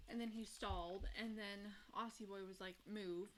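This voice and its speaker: A young woman chatting playfully and telling a lively little story. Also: mid-range voice, moderate pace, slight background noise, poor audio. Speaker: host's friend bringing food. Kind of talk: casual chat.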